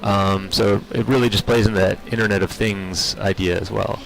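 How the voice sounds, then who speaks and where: A man with a low, gravelly voice explains technology trends during an on-site interview. He speaks in a measured way and leans on filler words. Faint background noise sits under his voice. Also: steady tone, poor audio. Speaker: industry spokesperson.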